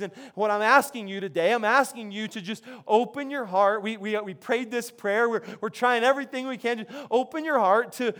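A man's voice: high-pitched, fairly bright tone. A man preaching a sermon as pastor in a conversational way, often repeating words as he restarts his sentences. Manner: conversational, frequent word repetitions and restarts.

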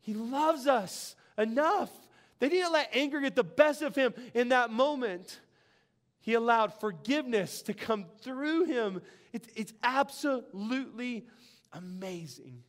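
A man's voice: very high voice, expressive, a little slow. A middle-aged man, preaching a sermon in an earnest, conversational way and telling stories. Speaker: pastor.

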